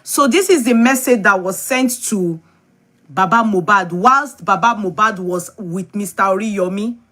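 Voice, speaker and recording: A woman's voice: mid-range voice, a little slow, fairly bright tone. A woman hosting a talk show discussion, reading a letter aloud with laughs between. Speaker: show host.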